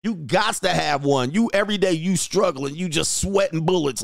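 A man hosting a casual dating-talk livestream, joking and mocking as he reads out viewer comments, using slang and drawn-out emphasis. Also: fairly high pitch, gravelly, dry recording, studio quality. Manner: joking and mocking, slips into playful impressions and laughs often. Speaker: dating coach and show host.

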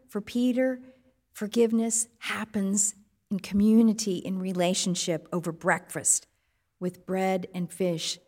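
A woman's voice: medium pitch, big-room sound. Woman preaching with rhetorical questions. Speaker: pastor. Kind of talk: sermon.

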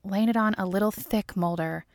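A woman's voice: medium pitch, moderate pace, darkish tone, no echo, close to an everyday voice. Woman reading a sardonic female agent. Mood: sarcastic. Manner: dry, scoffing. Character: sarcastic, irritated female FBI agent.

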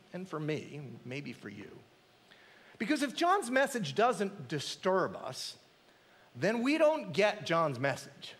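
A man delivers a sermon in a high, lively voice that climbs and drops as he acts out the voices in his text. He preaches with dramatic emphasis. A long reverb hangs behind him, as if he stands in a large hall. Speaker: pastor. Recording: echoey hall.

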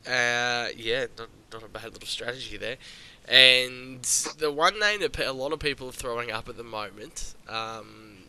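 A man's voice: medium pitch, normal speed, gravelly, sharp tone. A man co-hosting a podcast in casual chat, upbeat and asking his partner questions. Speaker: podcast co-host. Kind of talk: casual fantasy sports chat.

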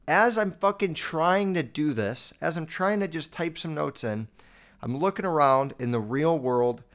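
A man hosting a podcast, ranting casually and swearing constantly in a loose, animated way. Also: mid-range voice, clear, resonant tone. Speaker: podcast host.

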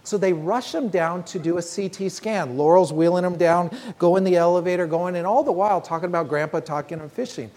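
A woman preaching a sermon, telling a story in an earnest, measured way and slowing down on key phrases. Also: on the low side, warm tone.

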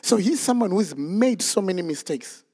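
A male preacher giving a sermon, telling a Bible story in a lively, dramatic way. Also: sits high, normal speed. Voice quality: animated storytelling, acts out voices.

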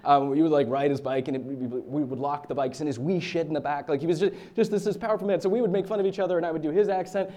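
Chatty man preaching, mellow voice. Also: on the high side, fast talker, hardly any pauses. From United States. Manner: chatty storytelling with fillers and laughs. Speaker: pastor. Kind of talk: casual sermon.

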